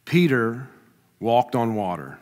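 A man preaching a sermon to a congregation, animated, swinging from loud emphatic lines to low asides. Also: slow. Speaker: pastor. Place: church sanctuary with a congregation. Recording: reverberant hall.

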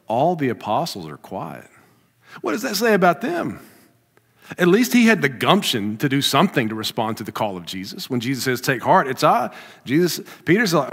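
Man preaching a sermon in a reverberant hall. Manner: animated, swings from loud emphatic lines to low asides. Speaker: pastor. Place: church sanctuary with a congregation.

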